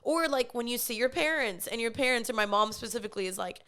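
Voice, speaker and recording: A woman's voice: fairly high pitch, expressive, brisk, few pauses, fairly bright tone. A young woman hosting a podcast, talking in an earnest, confessional way about her faith and personal life, with many "like" fillers. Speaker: podcast host. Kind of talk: candid faith-based personal chat.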